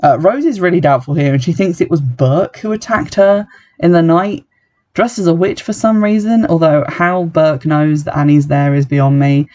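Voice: mid-range voice, moderate pace, dark tone, highs cut off. A speaker giving a casual, sardonic recap of a film, full of "like" and dry asides. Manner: chatty and sardonic, heavy use of "like". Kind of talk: casual spoken movie recap.

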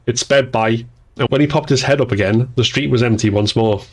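A man narrating an audiobook in an even, measured storytelling voice. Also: mid-range voice.

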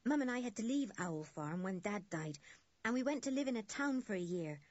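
A woman's voice: mid-range voice, expressive, a little fast, dry recording, muffled recording, voice pushed up, natural voice. A woman doing a cheerful farm boy. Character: friendly, proud young farm boy.

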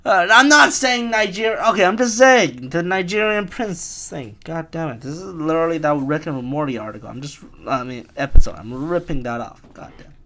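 A man's voice: fairly high pitch, lively intonation, normal speed, few pauses, sharp tone. A young man in his twenties talks alone into his podcast mic in a loose, meandering rant. He chuckles at his own ideas, swears freely and mocks himself as he goes. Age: 20s. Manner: chuckling, profane, self-mocking. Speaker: podcast host. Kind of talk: rambling solo podcast rant.

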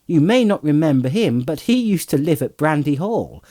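A man doing a bright, eager young hobbit. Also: fairly high pitch, sing-song, moderate pace, voice pushed up.

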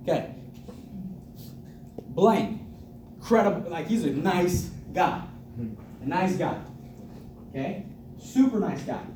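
A man giving an energetic motivational talk to a group, hyped and repetitive, laughing often. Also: high-pitched, slow pace, long pauses, slight background noise. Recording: echoey room, mic from a distance.

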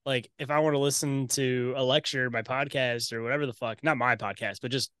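A man's voice: mid-range voice, steady tone, fairly quick, a bit bright, clean tone, no room sound, clean studio sound. A man talking as a podcast guest in casual chat, loose and rambling, swearing a lot and calling his host "dude".

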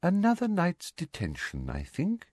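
A falsely sweet, soft-spoken middle-aged woman official , voiced by a man. The voice floats high with a sugary lilt and swoops widely in pitch. It sits close and dry, like an audiobook character. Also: huge pitch swings, unhurried, no room sound, exaggerated voice. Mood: sweetly menacing.

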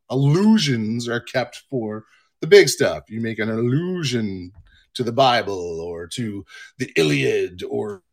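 A man's voice: mid-range voice, husky. A man hosting his own livestream from home, rambling casually with profanity and self-mocking asides. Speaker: livestream host.

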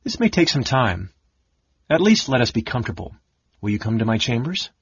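A man voicing a cool, composed dark elf mage who speaks softly and evenly. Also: medium pitch, sing-song, breathy edge, dry recording, exaggerated voice. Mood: calm. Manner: soft, cool and measured. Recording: dull, dry lo-fi audiobook recording.

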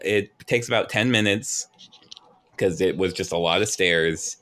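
A man running an improvised role-play game on a podcast, goofy and quick to laugh. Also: low voice, fairly bright tone. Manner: goofy, laughs often, acts out monsters. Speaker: game master and podcast host. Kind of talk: improvised tabletop storytelling podcast.

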